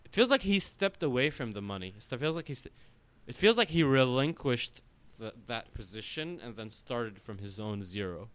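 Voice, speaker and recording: A podcast co-host chats casually, rambling in an animated way with lots of filler words and frequent swearing. His voice is mid-range, at a normal speed with few pauses, and there's no room sound.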